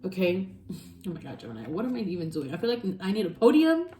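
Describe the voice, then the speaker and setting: A woman's voice: medium pitch, fast talker, reverberant. A woman, an intuitive counselor, giving an emphatic spiritual reading, repeating phrases and laughing as she goes. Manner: emphatic, repetitive, animated with laughs.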